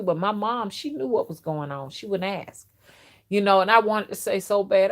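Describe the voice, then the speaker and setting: A middle-aged woman, chatting and telling childhood stories to a live chat on her phone, outspoken and animated. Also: medium pitch, moderate pace. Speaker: livestream host and rootworker. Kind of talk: casual storytelling to a live chat.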